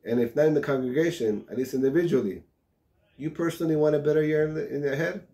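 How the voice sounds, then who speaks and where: A man giving a sermon as a rabbi, telling parables and building to shouted passages. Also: on the high side, fast talker. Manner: tells parables with acted-out dialogue.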